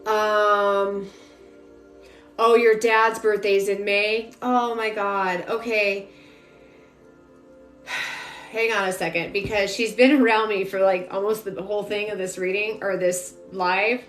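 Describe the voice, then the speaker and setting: A young woman doing a psychic reading live into her phone, talking in a loose, rambling way full of filler words. Her voice sits at an ordinary middle pitch. The room is echoey, and soft music plays behind her. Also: flat delivery, slow pace, long pauses. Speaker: psychic medium. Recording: roomy echo, faint music behind.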